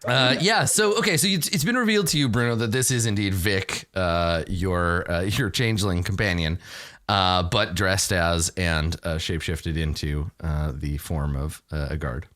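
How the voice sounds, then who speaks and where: A man running a tabletop role-playing game as game master, narrating scenes in an animated way. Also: sits low, normal speed. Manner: animated storytelling, voicing characters.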